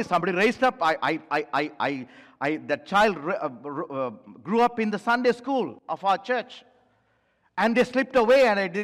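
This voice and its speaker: A man's voice: high voice, fairly bright tone. A man preaching a sermon as pastor to his church, pleading with the congregation and repeating phrases for emphasis. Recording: long reverb of a large hall.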